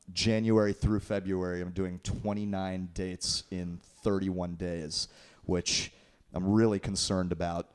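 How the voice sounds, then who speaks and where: A man's voice: low-pitched, a little mellow. A man talking as a guest in a casual interview, laid-back and swearing freely. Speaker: guest musician.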